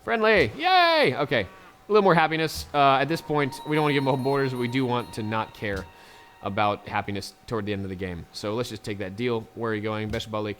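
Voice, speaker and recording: A man's voice: lowish voice, steady tone, fast talker, a bit bright. A man casually commenting on his strategy game, chatty and laughing often, talking to the units on screen. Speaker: let's play gamer.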